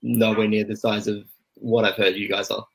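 A man speaking as a guest on a podcast, relaxed and easygoing in casual chat. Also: on the low side, normal speed, gravelly, slightly rough. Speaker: podcast guest, software company rep.

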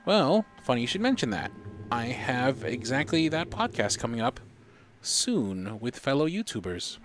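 A man's voice: mid-range voice, very animated, measured pace. A man streaming a video game, chatting casually and in a rambling way with his viewers. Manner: laid-back, rambling. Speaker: gaming streamer. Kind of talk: casual gaming commentary.

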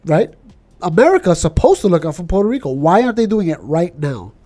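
A man with a New York accent, co-hosting a podcast in casual chat and ranting with animated questions. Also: sits high, a little fast. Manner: animated, ranting, keeps asking "you know what I'm saying". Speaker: podcast co-host.

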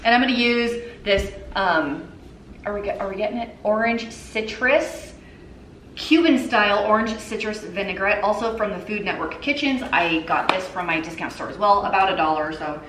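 A woman's voice: medium pitch, brisk, a bit bright, slight background noise. A woman in her thirties, a mother chatting casually to viewers as she cooks in her home kitchen. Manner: chatty and upbeat, talks to viewers while cooking. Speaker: cooking vlogger, mother. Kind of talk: casual cook-along chat. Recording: echoey kitchen room.

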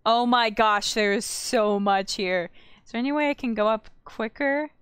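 Giggly woman narrating a game, smooth dry voice. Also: a little high, normal speed, no room sound. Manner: chatty, giggly, self-correcting. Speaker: let's play gamer. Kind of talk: casual gaming commentary, reading game texts aloud.

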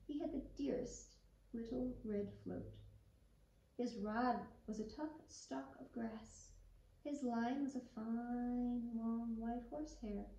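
A woman reads a picture book aloud with lively expression, her voice sitting high. The recording is dull and lo-fi, picked up from a distance in a roomy space. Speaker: children's storyteller.

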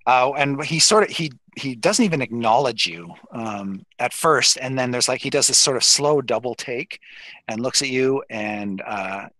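A man's voice: medium pitch, lively intonation, normal speed, pushed and bright, dry recording, low-quality recording. A man narrating as dungeon master in a tabletop game, describing scenes in a rambling way with many fillers.

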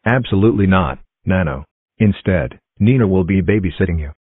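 A male computer voice playing a stern cartoon father who speaks flatly and matter-of-factly. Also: deep voice, a little fast, husky, dry recording, phone-quality sound.

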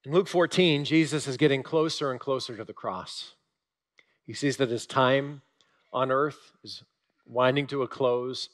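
A male pastor giving a sermon, telling stories with animated emphasis and sudden drops to a quiet voice. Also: mid-range voice, unhurried.

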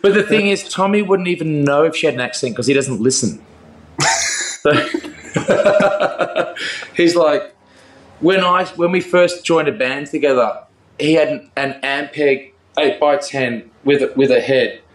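A man's voice: fairly high pitch, measured pace. A man, a rock singer as a guest, chatting casually with many restarts, laughs and curses. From Australia. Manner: laughing, swearing, rambling with restarts. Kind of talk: casual interview chat. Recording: roomy echo.

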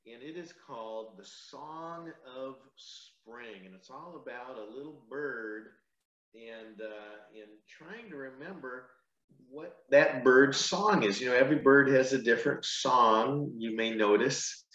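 Pastor guy reading a kids picture book, slow and chatty, echoey room. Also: medium pitch. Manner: gentle, chatty asides between pages. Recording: echoey room, dull lo-fi sound.

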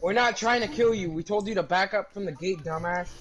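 Bossy, high-voiced young gamer man. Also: a little fast, a bit bright, lo-fi sound. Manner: bossy, profane, barks orders. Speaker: gamer leading his team. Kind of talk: casual gaming voice chat.

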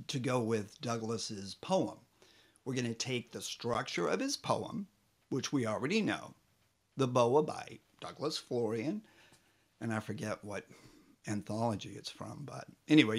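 Slow-talking playful male music teacher. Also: medium pitch. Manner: playful, rambling, sings phrases, self-corrects often; drums on a table. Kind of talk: kids' music lesson.

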